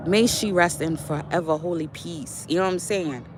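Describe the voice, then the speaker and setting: A woman's voice: on the low side, normal speed, background noise. A young adult woman, a spiritual vlogger, telling a story in a casual monologue with lots of fillers and preachy asides while out on a walk.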